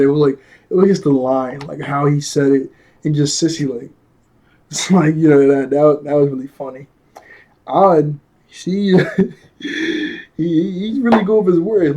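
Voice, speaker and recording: A man's voice: a little high, moderate pace, dark tone. A man casually reviewing a cartoon episode, talking in loose slang with lots of fillers and frequent chuckles.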